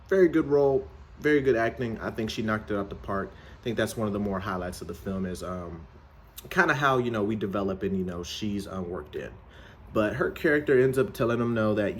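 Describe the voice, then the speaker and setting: A man talks through a movie in a relaxed, slangy way, peppering his sentences with "you know" as he recaps the plot. He speaks at a mid pitch and tells the story with plenty of animation. The whole thing plays like an off-the-cuff review. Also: moderate pace. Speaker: film reviewer.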